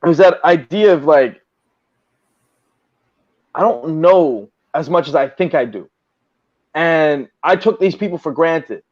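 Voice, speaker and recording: A man's voice: on the high side, a little slow, pauses often, no echo. Man telling profane stories, dull dry sound. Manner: profane, animated storyteller. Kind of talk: casual storytelling chat.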